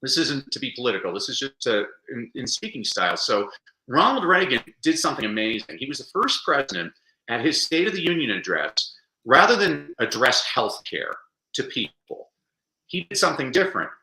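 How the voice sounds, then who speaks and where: Male podcast guest, animated storyteller, bright tone, roomy echo. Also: medium pitch, fairly quick. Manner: animated storyteller, acts out quotes. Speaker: guest speaker. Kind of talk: podcast interview.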